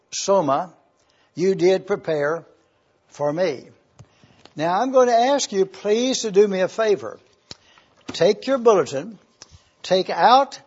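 Male preacher, high husky voice, measured delivery, muffled lo-fi recording. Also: a little mellow. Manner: deliberate, spells out Greek words letter by letter. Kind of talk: slow expository sermon. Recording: dull lo-fi church recording.

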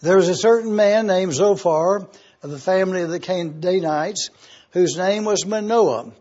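A man teaching a Bible study, slow and deliberate, repeating key words for emphasis. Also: high-pitched, a little mellow. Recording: dull lo-fi sound.

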